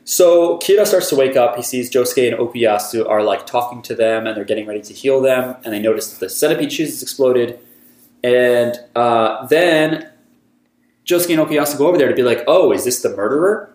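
A man's voice: medium pitch, brisk. A man in his thirties, a podcast host, recapping an anime episode in casual chat and acting out the characters' lines. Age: 30s. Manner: animated storytelling, acts out characters' lines. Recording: echoey room.

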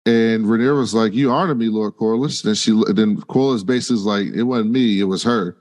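A man's voice: on the low side, brisk, few pauses, a little mellow. A man co-hosting a podcast, retelling scenes in casual slangy paraphrase. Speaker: podcast co-host. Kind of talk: casual recap chat.

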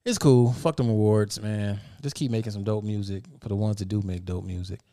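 Low-voiced laid-back man hosting a podcast. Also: steady tone, fairly quick, dark tone, dry recording, clean studio sound. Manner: laid-back, profane, blunt. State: tired, low energy. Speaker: podcast host. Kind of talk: casual group podcast chat.

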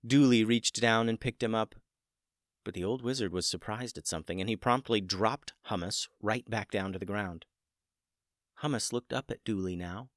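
A man narrating a children's story in a gentle storytelling manner, building the excitement through its dramatic parts. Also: lowish voice, moderate pace, no echo, clean studio sound. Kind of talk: scripted narration.

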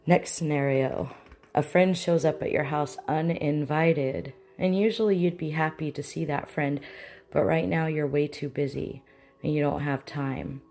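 Casual instructor voice, conversational, mid-pitched, light background music. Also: steady tone, a little slow, vocal fry, a little mellow. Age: adult with children. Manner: conversational, acts out example dialogues. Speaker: mindfulness teacher. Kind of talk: casual spoken lesson.

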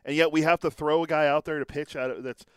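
A man's voice: fairly high pitch, fairly even intonation, fairly bright tone, smooth, no echo. A man co-hosting a sports talk show, bantering casually into a studio microphone. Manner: casual, quick back-and-forth banter. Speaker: sports podcast co-host.

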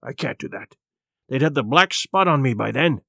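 A man reading an audiobook, voicing a drunken, feeble old sea captain who pleads in rough sailor's dialect. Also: mid-range voice, lively intonation, normal speed, a bit bright, no echo, studio quality, pitched below the performer's own voice, full character voice. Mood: agitated. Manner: rough seafaring dialect, wheedling.

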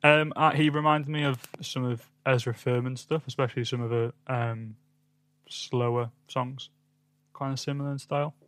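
A man's voice: mid-range voice, little pitch movement, moderate pace, fairly bright tone, no room sound. A man co-hosting a casual album review chat, laid-back and joking. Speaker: podcast co-host reviewing albums.

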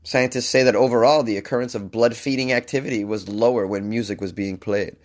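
A man talking over a science story in a loose, comedic way, tossing in sarcastic side remarks. His voice sits in a middle pitch, and his talk stays casual and off the cuff. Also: steady tone, fairly quick. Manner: jokey, sarcastic asides, mock-crooning bits. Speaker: commentator reading a news story.

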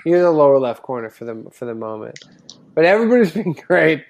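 Man, tired, blunt, swears a lot, slightly higher voice, laid-back chat. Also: sing-song, a little fast, darkish tone. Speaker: podcast guest. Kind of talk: casual late-night chat.

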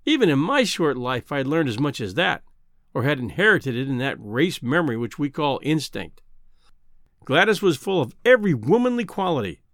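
Expressive male storybook narrator. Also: on the high side, moderate pace, dry recording, clean studio sound. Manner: expressive, old-fashioned literary reading. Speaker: audiobook narrator.

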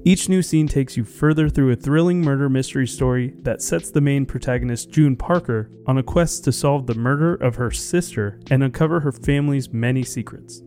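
Mellow-voiced man reading a game ad. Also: brisk, few pauses, faint music behind. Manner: upbeat sales pitch. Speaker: ad reader. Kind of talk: scripted advertisement read.

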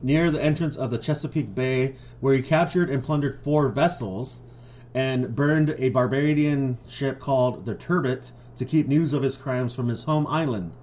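A man co-hosting a casual podcast, reading pirate history out loud and breaking into jokes, laughter and swearing. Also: mid-range voice, moderate pace, rough recording. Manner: joking, swears a lot, laughs often. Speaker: podcast co-host.

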